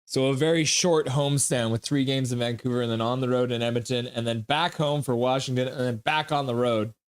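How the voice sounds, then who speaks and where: A man's voice: mid-range voice, steady tone, brisk, clean tone, no room sound. A man streaming a live hockey game reaction, reading chat messages aloud and teasing viewers in a playful, jokey way.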